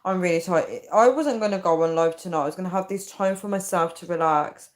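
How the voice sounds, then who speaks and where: A woman in her thirties hosts a casual livestream, reading out viewer comments in a lowish, brisk voice. She sounds tired but chatty and giggly, often breaking into laughter.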